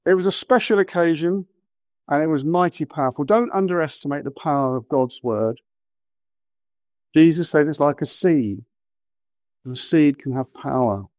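A middle-aged man preaching a sermon, animated and acting out quotes with exaggerated voices. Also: fairly high pitch, moderate pace, pauses often, dry recording, clean studio sound.

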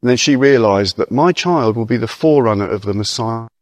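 An earnest male preacher of middle pitch speaks in a conversational sermon. He reads verses aloud slowly and deliberately, then turns to casual asides and rhetorical questions. The sound is dry and close, with no room around it. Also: dry recording. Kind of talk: conversational sermon with scripture reading.

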